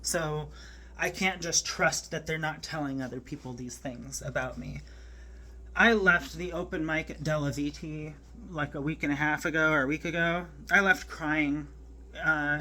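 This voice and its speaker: A woman telling a personal story to camera, emotional and near tears, talking in a halting, rambling way with many fillers and restarts. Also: sits low, bright, forceful tone, slight background noise.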